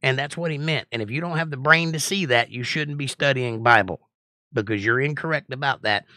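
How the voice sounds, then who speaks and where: Middle-aged man, Bible study host, blunt, lecturing, bright forceful voice, mid pitch. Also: brisk, no echo. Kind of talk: live-stream Bible study, reading out viewer comments.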